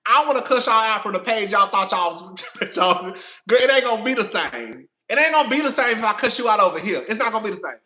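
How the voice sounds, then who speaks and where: Talking fast and animated, a man with a high, pushed and bright voice hosts a casual live stream for his reality TV commentary channel. He speaks straight to viewers in a sassy, profane, long-winded manner.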